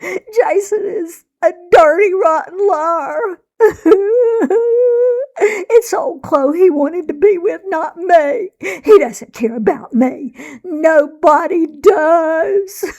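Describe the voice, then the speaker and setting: A woman's voice: extremely high pitch, animated, extremely slow, a little mellow, voice pushed up, exaggerated voice. A sobbing, shrieking young girl. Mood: screaming. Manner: wailing, shrieking through tears. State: crying. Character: sobbing eleven-year-old girl in a tantrum.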